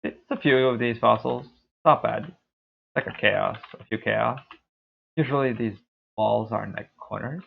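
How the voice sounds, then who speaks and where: A young man streaming a game, talking through his play in a laid-back, rambling way with a deep, dark voice. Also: unhurried, gravelly, a little hiss or hum. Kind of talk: casual gameplay commentary. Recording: tinny lo-fi stream mic.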